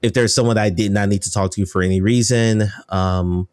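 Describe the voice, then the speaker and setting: A man's voice: on the low side, fairly even intonation, normal speed, a little mellow, clear, resonant tone, no room sound, clean studio sound. A man from the United States, a games journalist guest, chatting casually and enthusiastically on a podcast, rambling and correcting himself as he goes.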